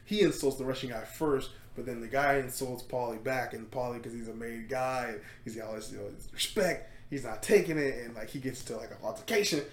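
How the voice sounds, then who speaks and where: A man hosting a podcast, retelling a story in casual chat, animated and laughing, with lots of fillers and swearing. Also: medium pitch, brisk, few pauses, roomy sound. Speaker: podcast host.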